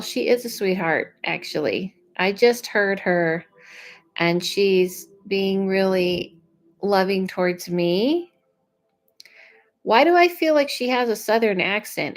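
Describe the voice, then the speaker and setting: A woman giving live psychic readings to viewers, chatty and unhurried with frequent fillers. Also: medium pitch, poor audio. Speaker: psychic medium.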